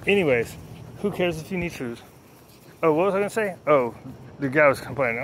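A man's voice: on the high side, lively intonation, quick pace, slight background noise. Casual man training dogs outdoors. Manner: talks to his dogs between stories, firm commands and baby talk. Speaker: dog trainer.

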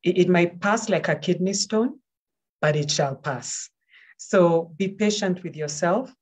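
A woman with a notably low voice speaks as a panel guest. She gives heartfelt personal testimony in an earnest, encouraging way, often repeating words for emphasis. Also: measured pace.

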